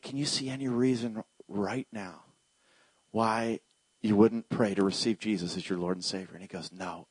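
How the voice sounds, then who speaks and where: In a lower-pitched voice, a male pastor preaches while sharing a story from his own life, voicing the dialogue himself and occasionally sinking into a whisper-like hush. There's no room sound.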